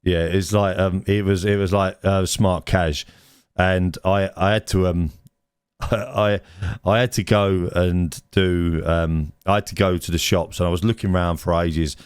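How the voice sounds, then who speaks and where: A man's voice: deep voice, little pitch movement, measured pace, clean tone, no echo, studio quality. A man co-hosting a casual podcast, rambling and restarting his sentences as he tells stories. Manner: rambling, repeats words, laughs at own stories. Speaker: podcast co-host. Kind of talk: casual banter. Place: indoors, recorded live.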